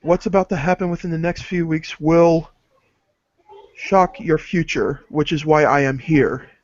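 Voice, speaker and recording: A man's voice: on the high side, fairly even intonation, a little slow, dry recording, close to an everyday voice. A man voicing a solemn male spirit who speaks for the gods, with grave, portentous pronouncements. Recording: dull lo-fi dry recording.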